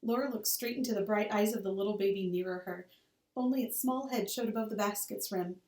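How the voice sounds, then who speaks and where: A woman's voice: medium pitch, brisk. A woman, a teacher, expressively reading a children's novel aloud to a class. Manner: expressive, storytelling cadence. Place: school room. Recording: roomy, distant mic.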